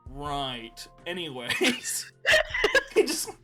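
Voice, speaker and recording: A young man with a bright, tense voice that sits a little high, chatting casually on a podcast. He rambles through stories and laughs often. Faint music plays underneath. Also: brisk. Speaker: podcast co-host. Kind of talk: casual chat.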